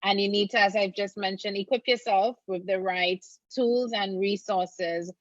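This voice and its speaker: A woman's voice: medium pitch, steady tone, unhurried, no echo, muffled recording. A woman attorney guest speaking earnestly and encouragingly, repeating phrases for emphasis. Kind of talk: casual interview chat.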